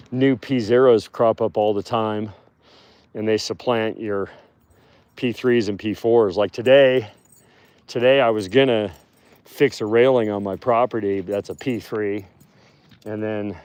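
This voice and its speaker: A man's voice: lowish voice, darkish tone. A man live-streaming from the woods at night on a handheld phone, telling a long story in a rambling way full of fillers. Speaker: live-streaming wolf keeper. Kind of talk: casual live stream chat. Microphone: phone held while walking.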